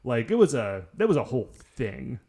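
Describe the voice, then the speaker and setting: A man's voice: medium pitch, big pitch swings, moderate pace, vocal fry, warm tone. A man co-hosting a podcast in casual, joking chat, often saying "like". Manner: chatty, many "like" fillers, joking. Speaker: podcast co-host.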